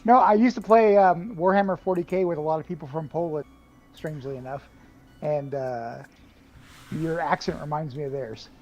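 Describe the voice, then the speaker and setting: A man's voice: on the high side, moderate pace, darkish tone, soft background music, poor audio. Chatty man talking games with friends. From Nevada, USA. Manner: chatty, rambling, full of "like" and "you know". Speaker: fellow player on stream. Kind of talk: casual gaming chat.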